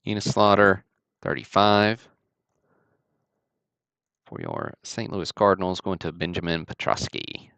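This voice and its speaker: A man's voice: sits low, big pitch swings, a little slow, vocal fry, pauses often, a bit bright, no echo. A man from Alabama, casually hosting a card-break livestream with easygoing, chatty commentary.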